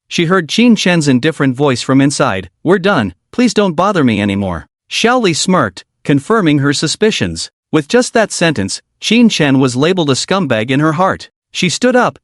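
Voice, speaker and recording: A man narrating a scripted story recap in an even, steady reading manner. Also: fairly high pitch, no echo, clean studio sound.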